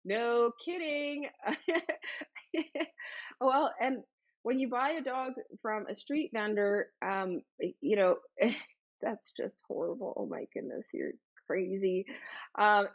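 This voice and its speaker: A woman's voice: medium pitch, normal speed. Bubbly woman chatting on a lo-fi livestream. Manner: chatty and bubbly, frequent exclamations and fillers. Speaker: livestream host. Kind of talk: casual livestream chat reading viewer comments.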